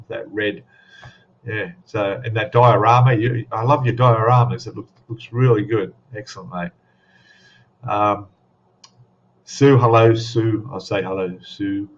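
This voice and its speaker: A man with an easygoing Australian accent and a lowish voice, chatting and greeting viewers as he hosts a live stream from home. His speech wanders from one thought to the next. The sound comes through a dull, lo-fi webcam microphone. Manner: rambling, friendly greetings to chat viewers. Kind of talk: casual live stream chat.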